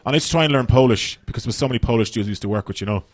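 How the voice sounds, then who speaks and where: A man's voice: mid-range voice, rapid-fire. An Irish man doing stand-up comedy on a festival stage, brash and profane, rambling through his stories.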